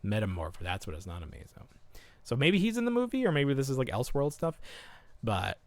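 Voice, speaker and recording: A man chatting on a podcast, his pitch bouncing up and down as he talks. He wanders through loose, half-finished thoughts full of fillers. The sound is dry and close, with no room echo. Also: huge pitch swings, brisk. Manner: rambling, lots of fillers and trailing thoughts. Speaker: podcast co-host. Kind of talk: casual chat.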